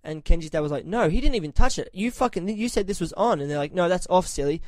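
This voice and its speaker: Animated profane man telling a story. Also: high-pitched, quick pace, dry recording. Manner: profane, animated, shouts when quoting himself. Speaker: podcast host telling a story. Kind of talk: casual storytelling chat.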